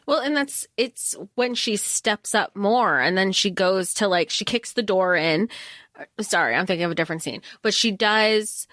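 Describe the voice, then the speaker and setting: A woman co-hosting a book podcast talks with lively energy, slipping into quoted lines from the characters and swearing freely. Her voice has a medium pitch and is recorded close and dry. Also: moderate pace, no echo. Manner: animated, jumps into acted quotes, swears casually. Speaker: podcast co-host. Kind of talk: casual book discussion.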